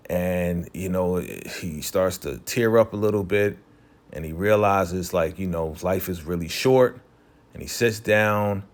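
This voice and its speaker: A man with a fairly low voice talks through a TV episode recap in a loose, chatty way. He leans on "you know" and "right?", and drops into quick character voices as he retells scenes. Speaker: TV recap host.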